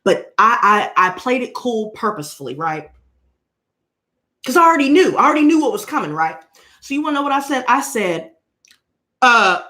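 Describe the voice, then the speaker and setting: A young woman who hosts a tarot channel tells a story in a casual vlog, talking loudly and swearing a lot. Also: on the high side, normal speed, pauses often. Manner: loud, profane, animated storyteller. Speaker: tarot reader and channel host.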